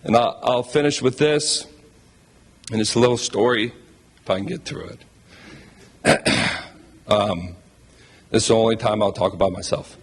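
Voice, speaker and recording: A man's voice: fairly low pitch, moderate pace, long pauses. A man speaking as a new head basketball coach at a press conference, heartfelt, emotional and thankful.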